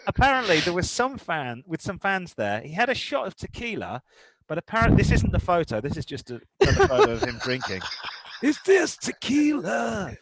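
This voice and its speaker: Jokey podcast host. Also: male voice, a little high, big pitch swings, a little fast, a bit bright, a little hiss or hum. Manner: jokey, rambling, reads stories aloud with asides and impressions. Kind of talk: casual podcast banter reading news.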